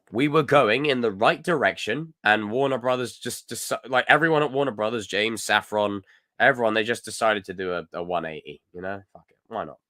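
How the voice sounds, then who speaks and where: A young Scottish man hosting a casual live chat, reading comments and ranting in a jokey, animated way. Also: medium pitch, no room sound, studio quality. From Scotland. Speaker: livestream host.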